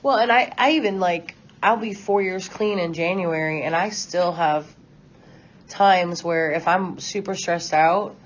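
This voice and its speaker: A woman speaks up in class in a somewhat low voice, candid and chatty, often saying "like". The recording is dull with a faint hiss in the background. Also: measured pace. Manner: candid, chatty, says "like" a lot. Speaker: student. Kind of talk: casual classroom discussion.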